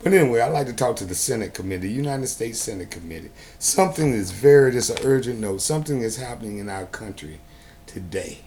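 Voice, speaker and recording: A man talking to the camera in a homemade video, preachy and sarcastic, often rising to loud outbursts. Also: lowish voice, expressive, quick pace. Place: indoors at home.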